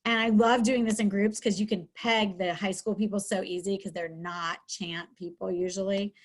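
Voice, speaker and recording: A woman's voice: medium pitch, steady tone, normal speed. A middle-aged woman, a school counselor, giving an upbeat, chatty webinar lesson from home over a video call, with many fillers. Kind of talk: webinar teaching talk.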